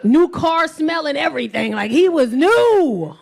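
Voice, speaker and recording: A woman's voice: high-pitched, big pitch swings, measured pace, vocal fry, a little mellow. A woman doing a stand-up comedy set on stage, telling brash, bawdy stories and acting out voices. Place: comedy stage before a live audience. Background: audience laughter.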